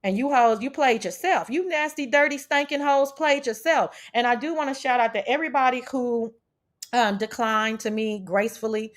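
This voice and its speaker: A woman's voice: on the high side, normal speed. A woman hosting a casual livestream chat, brash and profane as she talks back to her chat. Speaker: livestream host.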